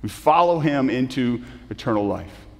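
A man preaching a sermon as pastor, earnest, with emphatic rises and soft, slow drops. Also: mid-range voice, expressive. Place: church sanctuary. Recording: long reverb of a church hall.

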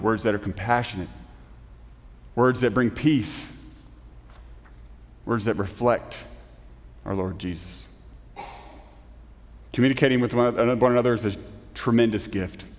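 Man preaching in a reverberant church. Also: on the low side. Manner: earnest preaching with emphatic rises and soft, slow drops. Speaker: pastor. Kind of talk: sermon. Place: church sanctuary. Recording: long reverb of a church hall.

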